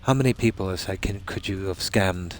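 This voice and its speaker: A man's voice: sits low, a little fast, slight background noise. A man streaming a game, chatting casually and telling long rambling stories. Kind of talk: casual chat while gaming.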